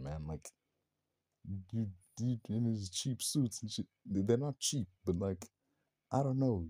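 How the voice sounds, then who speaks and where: A man with a deep, slightly husky voice talks through a film review in a loose, rambling way, with plenty of slang and swearing. His tone is mellow and relaxed, and the sound is dry and close. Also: no room sound. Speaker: movie reviewer. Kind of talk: casual spoken film review.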